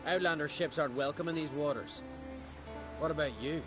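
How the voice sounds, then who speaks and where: A man's voice: a little high, brisk, lightly acted. A man voicing a rude, mocking sailor in a video game, with coarse, scornful talk over music. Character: gruff male island sailor, rude and mocking.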